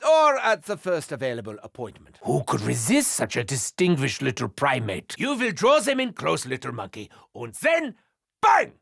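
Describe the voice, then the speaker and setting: An actor playing a manic, gleeful male mad scientist in a video game, with a German accent, theatrical delivery and sudden shouts and cackles. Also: medium pitch, wildly swooping pitch, moderate pace, gravelly, dry recording, clean studio sound, full character voice.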